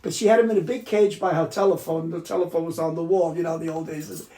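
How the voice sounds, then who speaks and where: A man's voice: a little high, fairly even intonation, quick pace, warm tone. An older man from New City, telling chatty, profane family stories in a casual interview at home. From New York City. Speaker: interviewee, accordion player. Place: home room in Queens. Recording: roomy room echo.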